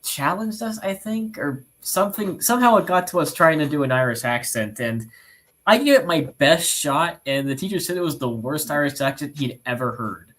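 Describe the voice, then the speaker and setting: A man's voice: a little high, expressive, moderate pace, fairly bright tone. A young man on a robotics team's live stream, chatting casually, rambling and laughing often at himself. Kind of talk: casual livestream chat.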